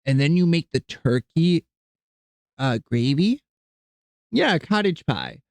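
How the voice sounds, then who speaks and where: A man with a fairly high voice and vocal fry streams live, rambling easily to viewers about cooking while taking things slowly, full of fillers and restarts. He's very animated yet easygoing, and he softens and coos when he talks to his cats. There is no room sound.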